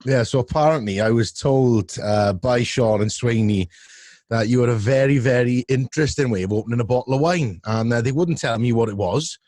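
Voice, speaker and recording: A man's voice: medium pitch, fairly quick, darkish tone, no echo, clean studio sound. A man co-hosting a casual chat, teasing a guest and retelling events with quoted lines. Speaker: co-host.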